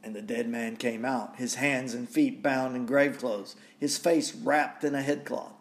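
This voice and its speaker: Slow, reflective male preacher. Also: medium pitch, fairly even intonation. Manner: reflective, repeats rhetorical questions. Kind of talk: sermon reading and reflecting on scripture.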